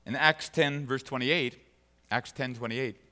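A man's voice: medium pitch, fairly even intonation, unhurried, pushed and bright. A man preaching a sermon and reading scripture aloud, an emphatic speaker who repeats phrases for stress, heard in a church sanctuary. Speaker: pastor. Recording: long reverb of a large hall.

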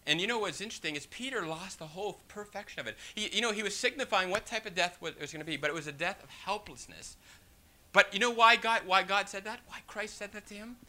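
In a high, very bright voice, a man preaches fast and with lively energy, using animated rhetoric and repeatedly checking in with the listeners. His scripture readings use old-fashioned wording.

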